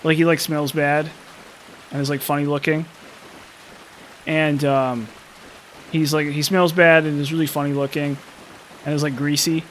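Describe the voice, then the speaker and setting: A man commentating his gameplay in a loose, rambling way, thinking out loud and poking fun at himself. His voice sits a little high. A faint background hum sits under the talk. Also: level tone, moderate pace, pauses often. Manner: rambling, thinking aloud, self-deprecating.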